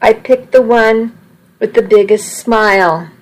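Slow, even-voiced woman reading a story. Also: a little high, poor audio. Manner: reads with small slips and restarts. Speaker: narrator. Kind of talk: first-person storybook reading.

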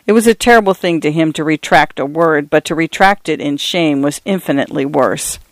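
Steady male audiobook narrator. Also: fairly high pitch, no room sound. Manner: measured storytelling, shifting tone slightly for characters. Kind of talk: scripted narration of a novel.

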